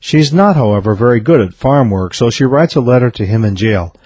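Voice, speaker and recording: A man reading a series of jokes aloud in a steady storytelling delivery. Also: medium pitch, fairly quick, slightly rough, dry recording. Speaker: joke teller.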